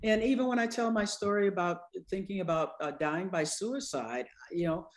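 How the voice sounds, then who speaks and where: A woman in her sixties, an anesthesiologist and speaker, telling stories in an interview with humor and lively quoted voices. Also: medium pitch, normal speed. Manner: lively, acts out quoted people with voice changes; humorous, conversational. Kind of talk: storytelling in an interview.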